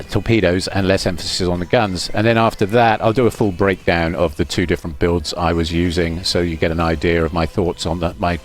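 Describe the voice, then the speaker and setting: A man giving relaxed, rambling voice-over commentary on his own gameplay, with fillers and restarts. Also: sits low. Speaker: gaming commentator.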